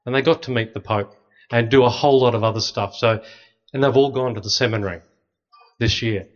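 A middle-aged man, a priest, telling lively stories with dry humor to an audience. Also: medium pitch, fairly quick. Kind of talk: storytelling talk to an audience. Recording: slightly dull lo-fi recording.

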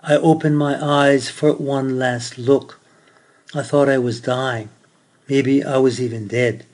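A man's voice: mid-range voice, steady tone, takes it slowly, darkish tone. A man preaching a sermon, telling a story earnestly and then reading scripture aloud.

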